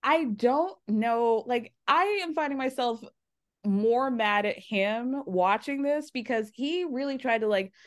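Podcast host, woman; animated casual recapper who mimics people mockingly. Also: a little high, slow. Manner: animated, quotes cast members in mocking voices, laughs often. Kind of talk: casual reality TV recap chat.

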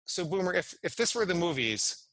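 Bright-voiced middle-aged man telling his story. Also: high-pitched, very animated, no echo, rough recording. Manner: earnest, explanatory, slows down to stress key words. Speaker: podcast guest. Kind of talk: personal storytelling and explanation.

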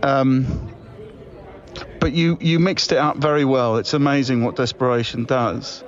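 A man's voice: mid-range voice, fairly even intonation, measured pace, highs cut off. A man leaving chummy, breezy comic voice messages, rambling with fillers and restarts. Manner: chummy and breezy, saying mate a lot. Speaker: comedy podcast co-host. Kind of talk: improvised comic voice-message monologue.

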